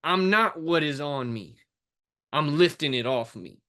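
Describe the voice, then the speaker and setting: A man's voice: on the high side, animated, a little slow, a bit bright. Guest coach, man, emotional and intense, plain-spoken, swears. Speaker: guest, fitness and life coach. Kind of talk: impassioned interview talk.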